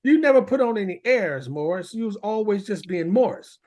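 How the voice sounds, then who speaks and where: A man's voice: high voice, animated, brisk, darkish tone. A man hosting a podcast, chatting casually and introducing his guest. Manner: affirming, frequent agreement. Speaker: podcast host. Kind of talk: casual chat, show introduction.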